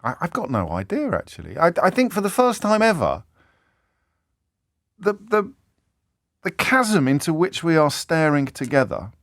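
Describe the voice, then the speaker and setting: A man hosting a talk radio phone-in, speaking in an animated, indignant way and firing off rhetorical questions. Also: a little high, moderate pace, pauses often, dry recording, studio quality. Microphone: studio microphone.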